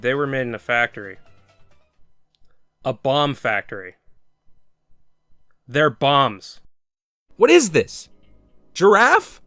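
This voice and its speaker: A man hosting a comedic movie review, narrating with sarcastic remarks and deadpan asides. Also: mid-range voice, clear, resonant tone, no room sound. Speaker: comedy video host. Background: faint music.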